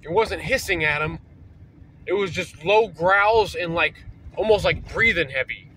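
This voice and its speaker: A man's voice: on the high side, a little slow, sharp tone, a little hiss or hum, low-quality recording. A man telling a story casually, rambling and swearing, with lots of fillers, recorded in a parked vehicle. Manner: rambling, profane, full of fillers. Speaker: vlogger.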